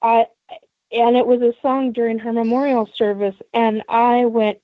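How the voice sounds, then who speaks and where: A woman hosting a call-in radio show, chatty and quick with short agreements. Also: a little high, level tone, no room sound, phone-quality sound.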